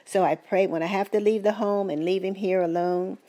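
An older woman giving earnest, gentle, faith-filled advice as the caregiver of her husband, in a personal testimony. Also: medium pitch, fairly even intonation, fairly quick.

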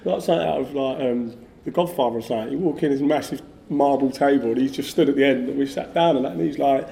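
A middle-aged man, a former footballer, telling stories in a casual, animated way with lots of fillers. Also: medium pitch, fast, gravelly. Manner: animated, lively storyteller, many fillers like "like". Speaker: former footballer, podcast guest. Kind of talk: casual anecdotal storytelling.

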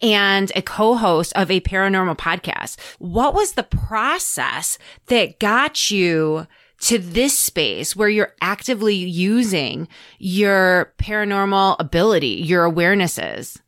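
A woman hosts a relaxed interview, asking probing, open questions in a mid-pitched voice. She backs her guest with soft murmurs of agreement, and the recording is dry and close. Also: a little slow, dry recording. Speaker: podcast host. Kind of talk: casual conversational interview.

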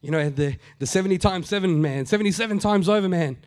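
A middle-aged man delivers a sermon in a raised, light pitch. He talks to the congregation conversationally, stumbling into asides, then drives points home by saying them twice. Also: fast talker. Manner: conversational preaching, repeats phrases for emphasis, acts out quotes. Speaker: pastor.

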